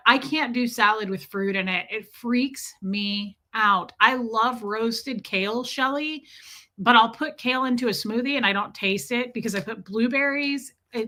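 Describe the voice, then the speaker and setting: Young woman, Midwestern accent, bright tone, fairly high voice, casual rambling livestream chat, talks to her viewers. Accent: Midwestern American. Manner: chatty, rambling, talks back to viewers' comments. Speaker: livestream host.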